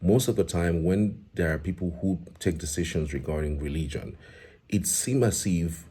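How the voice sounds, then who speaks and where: A man reads social media comments aloud, reacts to them and often laughs along in casual commentary. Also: normal speed. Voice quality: very deep, dark and husky.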